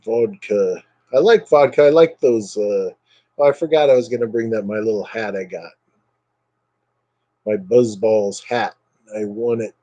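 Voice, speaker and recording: Slow-talking, joking man on a webcam. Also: fairly low pitch, dark tone, dry recording, highs cut off. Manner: joking, sarcastic, rambling. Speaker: live streamer. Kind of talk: casual chat with viewers.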